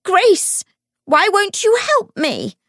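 A woman's voice: deep voice, lively intonation, slow pace, breathy edge, no room sound, studio quality, heavily acted. A woman voicing a grieving, hysterical older widow who wails and shrieks accusations. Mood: wailing grief. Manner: wailing, shrieking, desperate.

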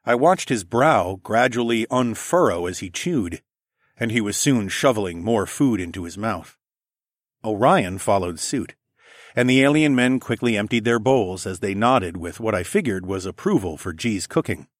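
A man's voice: fairly low pitch, expressive, normal speed, dry recording, clean studio sound. A man narrating a first-person science fiction audiobook.

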